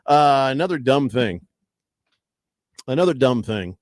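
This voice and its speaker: A man hosting a sports talk radio show, reading listener texts aloud and riffing in animated banter. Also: mid-range voice, a little slow, no echo, clean studio sound.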